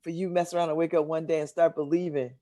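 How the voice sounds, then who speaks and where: A woman's voice: deep voice, level tone, quick pace, warm tone. An American woman hosting a talk show, chatting casually and laughing often as she teases her guest. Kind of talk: casual chat.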